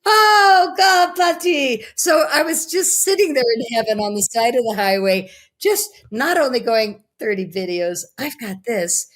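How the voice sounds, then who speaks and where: A middle-aged woman, a guest, telling a personal story in a lively, animated way and acting out her own quotes. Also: mid-range voice. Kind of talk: casual storytelling.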